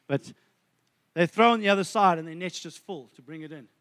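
A man's voice: sits high, brisk, a bit bright. A man preaching a sermon, retelling a story and often calling his listeners friends, with many restarts. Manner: addresses listeners as friends, stumbles through restarts.

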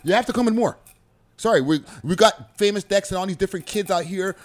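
A man co-hosting a casual podcast chat, animated and swearing, laughing often. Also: sits high, fast talker. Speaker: co-host.

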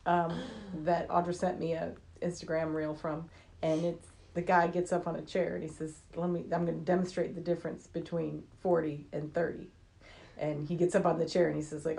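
A woman's voice: lowish voice, fairly even intonation, fairly quick, gravelly, dark tone. A woman in her forties co-hosting a casual podcast, opinionated and swearing freely. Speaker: podcast co-host. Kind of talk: casual chat.

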